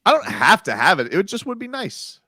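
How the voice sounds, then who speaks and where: A man hosts a studio sports radio show, upbeat and playful, with a bright, ringing tone and plenty of lift in his voice. The sound is dry and close to the mic. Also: high voice, huge pitch swings, brisk, no echo. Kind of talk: casual sports radio banter.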